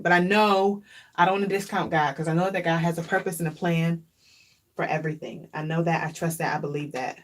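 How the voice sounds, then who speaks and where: Earnest woman in reflective chat, lower voice. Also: steady tone, fairly quick, a little hiss or hum. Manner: earnest, reflective, openly emotional; repeats phrases for emphasis. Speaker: vlogger. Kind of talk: casual chat.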